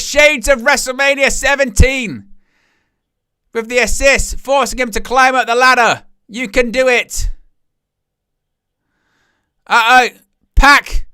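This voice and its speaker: A man hosting a live wrestling watch-along, calling the action with excited gasps and exclamations. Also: extremely high pitch, smooth, dry recording, clean studio sound. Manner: animated, exclaiming "oh" at each move. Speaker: wrestling live-stream host.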